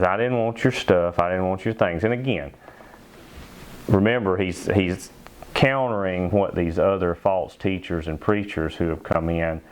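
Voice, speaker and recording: A man preaching a sermon as pastor in a church, emphatic, slowing down to stress key phrases. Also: low voice. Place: church sanctuary.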